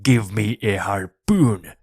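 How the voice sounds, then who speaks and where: A man's voice: fairly low pitch, very slow, dry recording, clean studio sound. A man voicing an obsessed, commanding old sea captain in a storybook reading, giving stern, barked orders.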